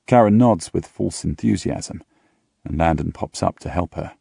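Gravelly, husky male storyteller. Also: low voice, normal speed, warm tone, dry recording, clean studio sound. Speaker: audiobook reader. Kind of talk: first-person novel narration.

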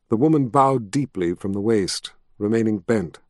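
Steady male audiobook narrator, dry sound. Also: fairly low pitch, dry recording. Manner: steady, measured storytelling. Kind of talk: scripted narration.

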